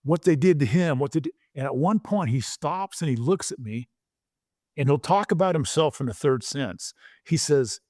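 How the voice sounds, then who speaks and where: Man in his 60s, podcast guest, animated storyteller, stumbling restarts, dry close sound. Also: mid-range voice, moderate pace, no room sound. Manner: animated, stumbles and repeats words, acts out quotes. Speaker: podcast guest, former pro football player. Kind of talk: conversational storytelling.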